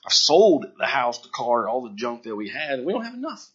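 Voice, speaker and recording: Casting: husky man, earnest and halting, giving a heartfelt testimony on a dull lo-fi recording. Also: mid-range voice, sing-song. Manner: earnest, halting, repeats words when moved. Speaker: missionary sharing his testimony. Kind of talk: emotional personal testimony to a gathering. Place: room before a gathered audience.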